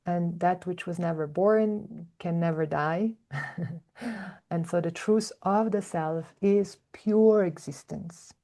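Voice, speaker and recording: A woman speaks as a spiritual teacher in a slow, searching way, pausing on soft hums. Her voice sits a little low and has a mellow, dark warmth. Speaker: spiritual teacher, podcast host. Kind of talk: reflective spiritual talk.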